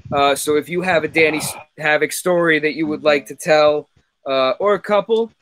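A man's voice: fairly high pitch, normal speed, fairly bright tone, no room sound. A man hosting a live tribute talk show, steadily directing the guests. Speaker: host.

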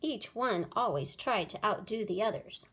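A woman reading a children's picture book aloud, with an expressive sing-song delivery. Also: mid-range voice, moderate pace, breathy edge. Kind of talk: storybook read-aloud.

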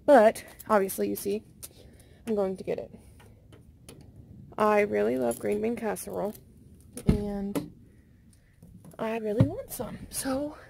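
A woman's voice: mid-range voice, expressive, unhurried, creaky, long pauses, background noise. Sleepy young woman vlogging. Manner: sleepy, rambling, yawning. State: tired, sleepy. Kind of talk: casual vlog chat. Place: car, bed, then walking outdoors at night.

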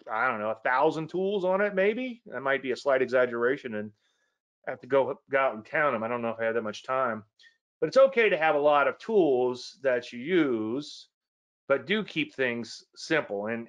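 A man's voice: medium pitch, a bit bright, lo-fi sound. A man teaching trading over charts in a casual, rambling way, often correcting himself and adding folksy asides. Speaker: trading educator.

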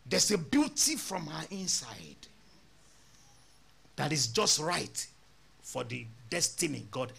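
A man's voice: a little high, very animated, slow pace, vocal fry, pauses often, sharp tone. A male pastor, telling a story in a sermon and acting out both sides of the dialogue.

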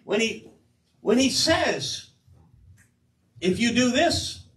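Older man, pastor, emphatic sermon, high voice; roomy church sound, mic at a distance. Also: slow pace. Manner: animated, emphatic preaching with quoted asides. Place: church sanctuary.

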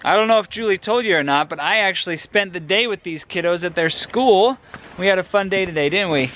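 A man's voice: sits high, brisk, a bit bright, soft background music. A man in his thirties, a researcher and family vlogger, chatting easily at home and in the backyard and explaining things with jokes. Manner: easygoing and joking, explains things plainly. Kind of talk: casual chat with explanations.

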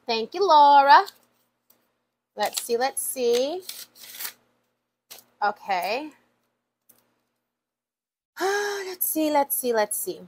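A woman's voice: sits high, sing-song, drawn-out words, long pauses. A woman vlogger chatting casually while opening mail, emotional and full of fillers. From USA. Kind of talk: casual chat.

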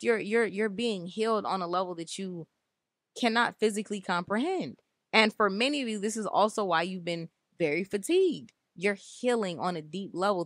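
A woman's voice: mid-range voice, fairly bright tone, no echo, studio quality. A woman hosting an inspirational spiritual talk, speaking in an emphatic, repetitive, conversational way. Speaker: spiritual channel host.

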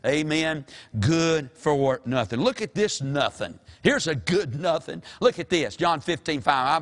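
A man's voice: on the high side, measured pace. An older man, preaching a folksy sermon as pastor and calling out to the congregation. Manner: folksy, animated preaching with call-and-response.

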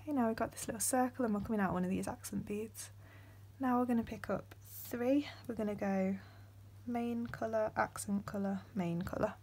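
A young woman, hosting a step-by-step beading tutorial in a soft voice that often drops to a whisper, with frequent ums. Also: fairly high pitch, fairly even intonation, moderate pace, breathy edge.

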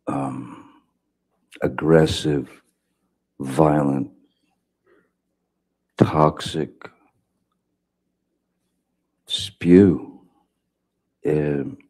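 A man giving courtroom testimony as a witness, speaking haltingly with many restarts and fillers. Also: extremely low pitch, darkish tone. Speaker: trial witness.

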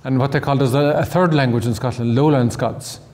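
Irish man lecturing, mellow voice. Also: mid-range voice, a little fast, big-room sound. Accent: southern Irish. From Ireland. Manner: repeats words, restarts often. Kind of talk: online lecture.

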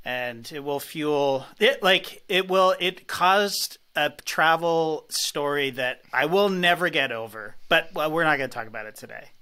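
A man's voice: fairly high pitch, pushed and bright, clean tone. A middle-aged man in casual podcast chat, agreeable and chatty. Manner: agreeable, chatty, quick back-channel replies. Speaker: podcast co-host or guest.

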